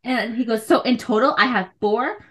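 Animated woman telling a family story. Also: on the high side, normal speed, a crowd in the background. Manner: animated storyteller, acts out quotes, laughs often. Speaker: podcast co-host. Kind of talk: casual chat, storytelling.

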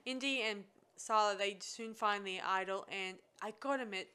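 Woman, bright tone, enthusiastic, rambling, casual chat, film recap. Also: medium pitch, moderate pace, smooth. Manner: enthusiastic, rambling with restarts and fillers.

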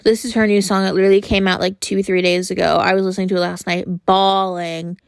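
A young woman hosting a podcast, talking frankly and earnestly in a casual monologue, often pausing on fillers. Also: medium pitch, little pitch movement, creaky, no echo, studio quality. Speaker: podcast host.

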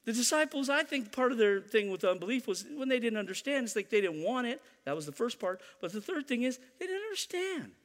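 A man's voice: extremely high pitch, lively intonation, brisk, big-room sound. A man preaching a sermon to his church, emphatic and repeating key lines, teasing the congregation now and then. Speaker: pastor.

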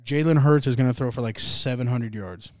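A man's voice: mid-range voice, fairly quick, darkish tone, no room sound. A young man hosting a laid-back sports podcast, rambling, joking and swearing as he reacts to games. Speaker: podcast host. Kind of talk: casual sports chat.

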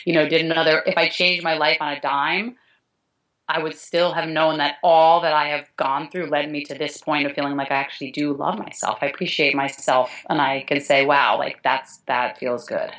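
Low-voiced earnest middle-aged woman. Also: steady tone, normal speed, fairly bright tone, poor audio. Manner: earnest, tearful at moments, restarts often. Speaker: guest, dance teacher. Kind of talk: emotional interview talk.

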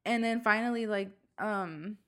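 A young woman co-hosting a podcast, chatting casually and telling stories with excitement and frequent swearing. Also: mid-range voice, measured pace. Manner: excited, swears freely, storytelling. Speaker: podcast co-host. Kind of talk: casual chat.

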